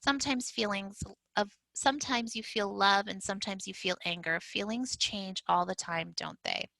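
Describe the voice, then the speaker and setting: A woman reading the lines of a calm, reassuring young father in a gentle, soothing way. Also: medium pitch, moderate pace, creaky, dry recording.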